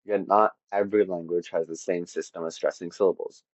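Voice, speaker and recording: A man's voice: low-pitched, fairly even intonation, fairly quick, no echo, lo-fi sound. A man narrating an informal lesson on linguistics, casual and self-deprecating with offhand asides. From half Latvian. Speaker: educational video host.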